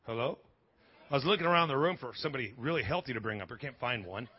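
A man preaching a lively sermon in a church, joking with the congregation and restarting his sentences often. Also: mid-range voice, fast talker, husky, dull audio. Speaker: pastor. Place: church sanctuary.

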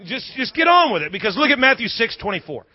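A male pastor preaching a sermon in an animated, humorous way, with quick asides and lots of repeated words. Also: extremely high pitch, dry recording, dull audio.

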